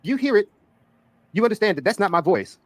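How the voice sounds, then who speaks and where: Fast-talking sarcastic male commentator. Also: sits high, big pitch swings, no echo. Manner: sarcastic, explaining. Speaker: commentary streamer. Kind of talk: drama commentary.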